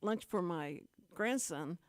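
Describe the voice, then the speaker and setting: A woman's voice: on the low side, expressive, takes it slowly, dry recording, clean studio sound. An older woman, hosting a radio show and telling a long, rambling, self-deprecating story in casual chat.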